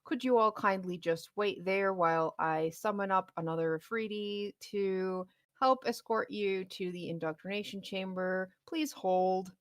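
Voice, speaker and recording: A woman voicing a flustered male villain booming through a dungeon, whiny and fussy. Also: a little slow, hardly any pauses, dry recording, clean studio sound, close to an everyday voice. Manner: whiny, fussy, pleading politeness.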